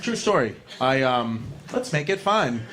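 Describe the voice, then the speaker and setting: A man from New doing a stand-up set, telling a profane story and shouting his punchlines. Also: mid-range voice, sing-song, measured pace, very noisy. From New York. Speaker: stand-up comedian. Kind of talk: stand-up routine. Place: comedy club stage. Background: audience laughter.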